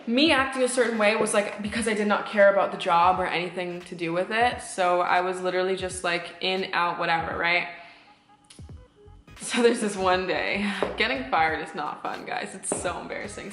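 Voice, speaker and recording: A woman's voice: mid-range voice, fairly bright tone. Brief: young woman vlogger, chatty, casual, echoey room with faint music behind. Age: 20s. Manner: chatty, lots of fillers and swearing. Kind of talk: casual storytime.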